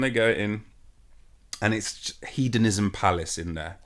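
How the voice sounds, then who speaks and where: A man's voice: lowish voice, moderate pace, fairly bright tone. A man, a podcast host, telling a long anecdote in casual chat, swearing freely and acting out what others said.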